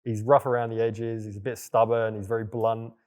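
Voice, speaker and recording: A man's voice: on the low side, level tone, a little fast, darkish tone. A young man telling his story in a casual, loose way, with plenty of fillers and the odd swear word. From England. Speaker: guest entrepreneur. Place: villa in Bali.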